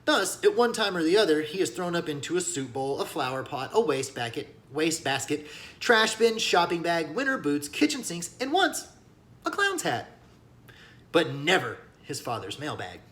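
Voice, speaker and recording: Animated man reading a story aloud. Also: on the high side, moderate pace. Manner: animated, addresses listeners as kiddos. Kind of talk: read-aloud storybook narration with lesson asides.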